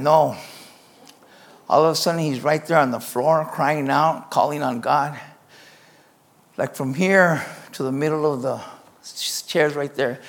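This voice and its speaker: Gravelly-voiced man preaching a story. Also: on the high side, unhurried, long pauses. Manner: animated, acts out scenes. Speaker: pastor. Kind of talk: sermon storytelling.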